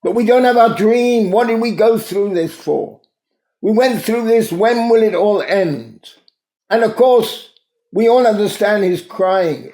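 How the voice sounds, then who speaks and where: A man's voice: high-pitched, darkish tone. A man hosting a daily talk, telling a moral story in an earnest, emphatic way. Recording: roomy echo.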